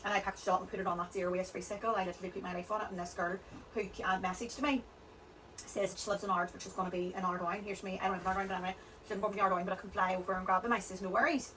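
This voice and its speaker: A woman talking quickly and rambling from one story to the next in a relaxed podcast chat. Her voice sits at an ordinary middle pitch. She is recorded a little distant from the mic, with a faint hiss underneath. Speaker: podcast guest. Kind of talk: casual chat.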